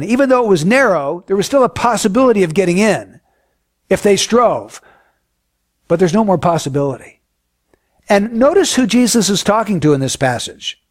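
A man preaching a sermon in an earnest, emphatic way, often dropping to a hushed, solemn tone. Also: sits high, dry recording, clean studio sound.

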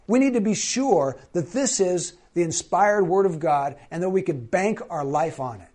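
A man's voice: high-pitched, expressive, moderate pace, few pauses, darkish tone. A man preaching a sermon in a conversational way, questioning his congregation. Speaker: pastor.

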